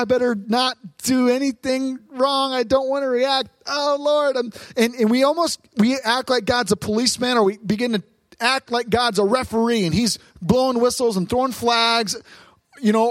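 High-voiced preaching man, dry sound. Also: no room sound. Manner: lively preaching, acting out voices and asking the crowd. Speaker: pastor. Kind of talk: sermon.

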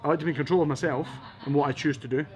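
A Scottish man from Edinburgh, a podcast guest telling animated anecdotes with wry asides. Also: on the high side, racing. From Scotland, Edinburgh. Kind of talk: casual storytelling interview.

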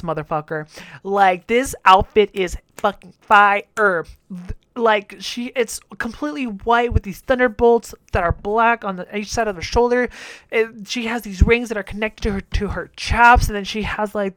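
A woman's voice: medium pitch, no room sound. A woman gives a casual, profane recap of a TV episode, blunt and campy in her opinions. Her voice sits in an ordinary middle range. It sounds dry and close, with no room around it. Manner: blunt, campy, swears a lot; animated, getting loud when excited. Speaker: show recap host.

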